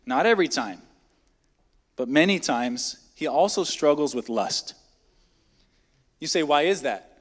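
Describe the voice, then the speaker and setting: A man's voice: a little high, expressive, a little slow, pauses often. A man preaching a midweek sermon in a church, talking in a conversational way and firing rhetorical questions at the congregation. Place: church sanctuary. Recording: long hall reverb.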